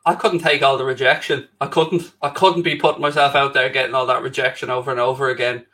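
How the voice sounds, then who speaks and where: A man hosting a relaxed talk show, teasing his guest with quick jokes. His voice is bright and forward, at a middle pitch. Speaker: host. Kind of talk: casual chat.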